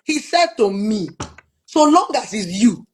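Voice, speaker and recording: A Nigerian woman speaking as a relationship therapist in an interview, earnest and often quoting soft lines from her partner. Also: medium pitch, very animated, a little slow, slight background noise. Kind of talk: interview conversation.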